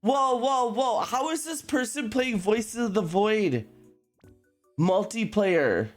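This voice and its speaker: A woman's voice: a little high, takes it slowly, soft background music. A woman streaming a game, chatting casually and giggling with her chat. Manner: giggly, animated, talks to chat.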